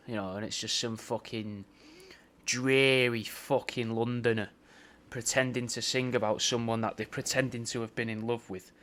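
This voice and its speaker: A man's voice: mid-range voice, fairly even intonation, moderate pace, a bit bright. A young man in a casual, rambling monologue, swearing often and ending his lines with "mate" and "bro". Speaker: podcast host recording paid video messages.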